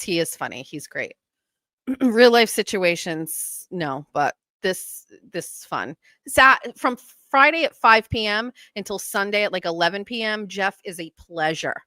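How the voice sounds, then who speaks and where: A woman's voice: medium pitch, expressive, measured pace, bright, forceful tone, dry recording. Chatty woman host, dry close sound. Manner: chatty, teasing. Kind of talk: casual livestream chat.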